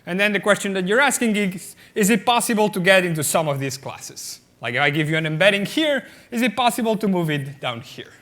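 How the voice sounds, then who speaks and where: Bright-voiced man giving a math lecture. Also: sits high, expressive, fairly quick. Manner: explanatory, often checks the audience with "okay?"; many "uh" and "um" fillers and restarts. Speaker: mathematics lecturer. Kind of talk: conference lecture at a board.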